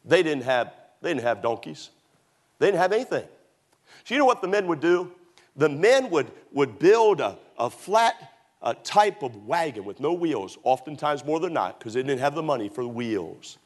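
A man preaching a sermon as a pastor, telling stories with sudden high whoops and shouts. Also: big pitch swings, normal speed. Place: church auditorium.

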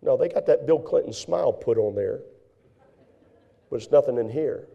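A man preaching a folksy, animated sermon as pastor, now and then acting out frantic voices. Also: mid-range voice, normal speed, creaky, dull audio.

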